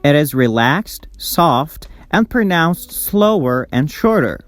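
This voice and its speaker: A man's voice: a little high, sing-song, slow, no room sound, soft background music. A man with a Persian accent teaching English pronunciation, repeating words and stressing syllables carefully. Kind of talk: slow, deliberate online lesson.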